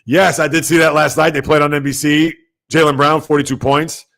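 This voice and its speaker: A man with a gravelly, fairly high voice hosts a casual sports livestream from home. He talks loud and emphatic, rambling in a conversational way and answering viewers in the chat. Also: flat delivery, brisk.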